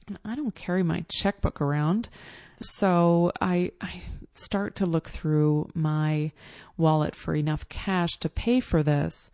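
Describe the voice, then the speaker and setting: A woman's voice: lowish voice, unhurried, dark tone, no room sound. A woman telling a casual personal story in a chatty, exasperated way with lots of fillers.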